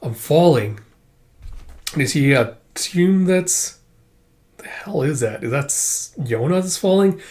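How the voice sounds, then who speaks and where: A man's voice: on the high side, lively intonation, measured pace, a little mellow. A man casually reading and recapping a comic aloud, rambling with fillers and forgetting names. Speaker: manga reader and recapper.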